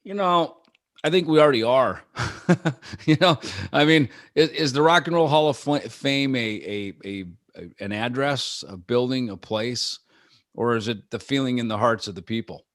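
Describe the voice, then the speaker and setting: A rock musician, interviewed over a video call, chats casually and rambles, full of fillers and restarts, sometimes acting out quotes. His voice is medium in pitch at a moderate pace, recorded dry with clean studio sound.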